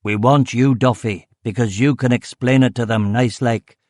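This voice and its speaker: Menacing male ringleader, calm, blunt, audiobook figure, read by a man, dry sound. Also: medium pitch, normal speed, dry recording, close to an everyday voice.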